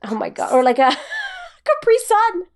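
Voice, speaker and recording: A woman's voice: extremely high pitch, huge pitch swings, a little slow. A woman co-hosting a podcast in casual chat. She talks in a giggly, rambling way with lots of fillers. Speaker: podcast co-host.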